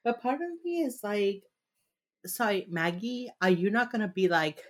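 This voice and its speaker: A woman's voice: mid-range voice, moderate pace. A young woman co-hosting a podcast, casually retelling a TV episode and acting out the characters' lines. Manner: animated, acts out characters' lines while retelling. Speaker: podcast co-host recapping a TV episode. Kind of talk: casual chat.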